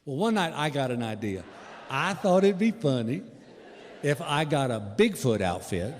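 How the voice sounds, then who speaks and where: A man's voice: mid-range voice, sing-song, moderate pace. A man doing stand-up comedy, telling a folksy story with chuckles, recorded live in a theater. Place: large theater stage. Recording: live theater reverb with audience noise.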